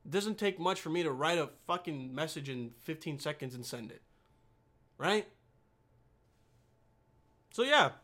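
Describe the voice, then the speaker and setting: A man's voice: fairly high pitch, lively intonation, unhurried, long pauses, pushed and bright. A man with an American accent, hosting a podcast in a rambling, profane casual monologue, often chuckling as he talks. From United States. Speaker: podcast host.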